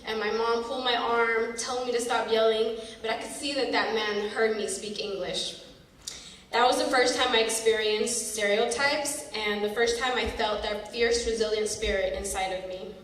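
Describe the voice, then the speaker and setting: A woman in her thirties from San Francisco telling a personal story on a theater stage, expressive and dramatic. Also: a little high, normal speed. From San Francisco, USA. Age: 30s. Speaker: storyteller performer. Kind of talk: spoken-word personal storytelling. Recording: echoey hall from far off, faint noise.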